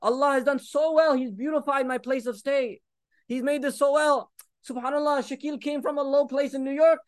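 Young guy preaching a sermon, really high voice, fired up, arabic phrases all through, dry close sound. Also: steady tone, moderate pace, dry recording. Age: 30s. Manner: impassioned, mixing in Arabic phrases and urging the listeners.

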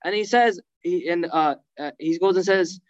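A man's voice: high-pitched, moderate pace, no room sound, lo-fi sound. A man preaching a sermon, retelling a sacred story fervently, acting out quotes and weaving in Arabic phrases. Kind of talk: emotional religious storytelling lecture.

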